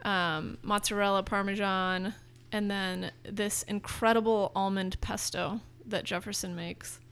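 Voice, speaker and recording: A woman's voice: medium pitch, flat delivery, measured pace, a bit bright, smooth. A woman in her thirties from Northern California, a food business founder talking enthusiastically in a casual interview, with frequent restarts.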